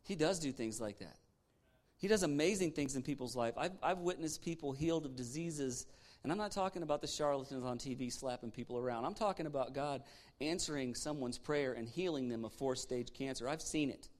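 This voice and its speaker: A man preaching a sermon as pastor, animated and punchy, with sarcastic asides and rhetorical questions to the congregation. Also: mid-range voice, brisk.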